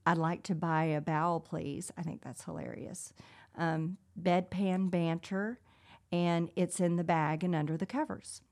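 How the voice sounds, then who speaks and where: Woman co-host, low-ish voice, easy laugh, scripted introduction. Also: steady tone, unhurried. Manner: warm, laughs easily, reads introductions. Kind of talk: radio show interview.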